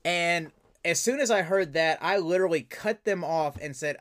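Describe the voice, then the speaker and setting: Brief: male podcast host and voice actor, eager, animated, slightly raised pitch. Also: moderate pace. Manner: enthusiastic, animated storyteller. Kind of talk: casual interview chat.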